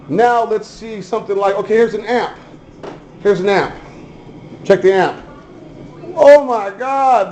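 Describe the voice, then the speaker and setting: A man's voice: sits high, a little mellow, a little hiss or hum, rough recording. A man giving a casual, chatty show-and-tell of his hobby cars, offhand and swearing now and then. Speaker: RC hobby vlogger.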